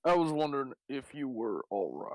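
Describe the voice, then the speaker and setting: A man voicing a gruff Southern adventurer with a drawling Southern US accent. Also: mid-range voice, big pitch swings, moderate pace, dry recording, natural voice, rough recording. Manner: drawling, folksy. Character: gruff Southern adventurer with an alien egg pod.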